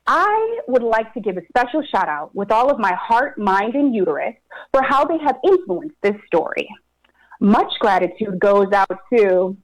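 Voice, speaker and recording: A woman's voice: mid-range voice, a little mellow, poor audio. A young adult woman performing a personal story with wry sarcasm and dramatic repetition.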